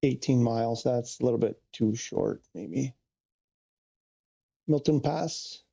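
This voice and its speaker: A man's voice: mid-range voice, takes it slowly, creaky, warm tone. A man streaming a flight game, chatting casually and thinking aloud as he corrects himself. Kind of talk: casual live-stream chat.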